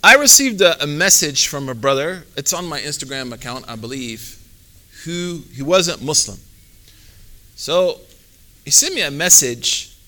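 A man teaching in a relaxed, conversational religious talk. His voice sits a little high and rings bright and forceful. He talks loosely, with plenty of fillers and Arabic phrases along the way. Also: unhurried. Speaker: Islamic teacher and speaker.

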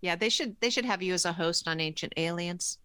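Bright-voiced woman host reacting. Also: lowish voice, fairly quick, clear, resonant tone, no room sound, clean studio sound. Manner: brief reactions. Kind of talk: casual interview.

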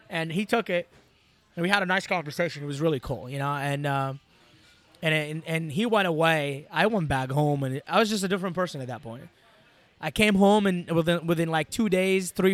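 A man from Iraq, a podcast guest telling his story in an animated, rambling way and acting out what people said. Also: fairly high pitch. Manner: animated, rambling, acts out quotes. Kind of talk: casual storytelling.

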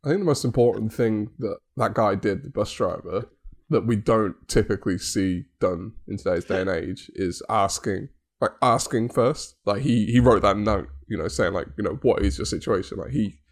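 Earnest, low-voiced man. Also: normal speed. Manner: earnest, reflective, many "like" fillers. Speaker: podcast co-host. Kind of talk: casual chat.

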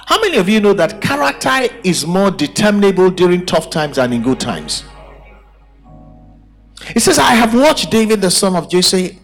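Male pastor, emphatic sermon delivery, higher pitch, faint music under. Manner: animated, emphatic preaching with rhetorical questions. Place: church service.

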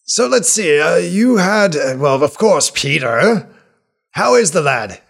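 Gushing male healer, high and loud , put on by a gravelly-voiced man. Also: very animated, slow pace, heavily acted. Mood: fussing. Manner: gushing, exclaiming, repeats words. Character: fussy jovial male healer, effusive and pushy.

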